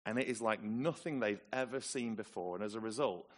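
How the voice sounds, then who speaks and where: A man from England preaching a sermon, telling the story with lively, dramatic emphasis. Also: fairly low pitch, a little fast, few pauses.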